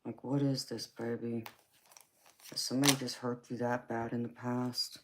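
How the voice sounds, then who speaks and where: A woman's voice: rumbling low, flat delivery, normal speed, noisy background. A woman giving a live tarot reading, speaking in an emotional, intimate way and calling the client "baby". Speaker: tarot reader.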